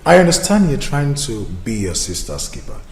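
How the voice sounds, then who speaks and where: An actor with a Nigerian accent playing a calm young boyfriend who soothes and reassures his partner. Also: medium pitch, moderate pace, vocal fry, slight background noise. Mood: reassuring. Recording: echoey room with long reverb. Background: music.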